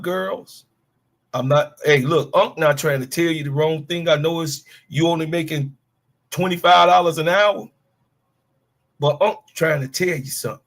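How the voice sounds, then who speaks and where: A middle-aged man from Chicago giving a fiery, profane sports rant to his livestream chat. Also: fairly high pitch. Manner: fiery, profane, preachy, talks straight to chat.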